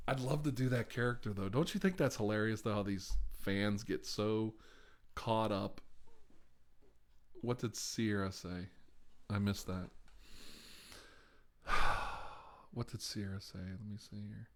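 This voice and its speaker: Low-voiced man chatting on a live stream. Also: a little slow, pauses often. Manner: rambling, chatty, with frequent laughs and sighs. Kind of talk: casual live-stream chat.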